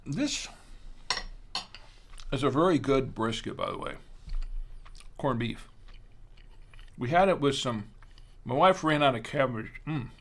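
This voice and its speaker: A middle-aged man hosting a wine tasting show, chatting casually and haltingly, sometimes talking while chewing. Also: mid-range voice, animated, creaky, a bit bright, slight background noise.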